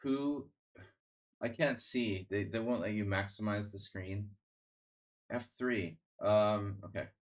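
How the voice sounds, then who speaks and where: Lowish-voiced guy rambling at his desk mic while he plays chess, dry jokey asides, lots of um and restarts. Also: takes it slowly. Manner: rambling, sardonic, many restarts and fillers. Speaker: chess streamer. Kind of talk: casual live-stream chat.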